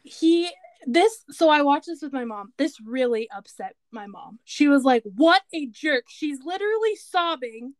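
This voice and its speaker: A woman co-hosting a podcast, chatting casually and retelling scenes with animated quoted voices. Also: sits high, moderate pace, dry recording. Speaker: podcast co-host. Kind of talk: casual chat recapping a TV show.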